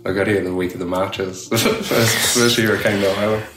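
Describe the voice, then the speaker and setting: A man's voice: fairly low pitch, fairly even intonation, brisk, reverberant, over music. An Australian man chatting casually as an interview guest, rambling with lots of fillers and laughs. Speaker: tattoo studio owner, guest.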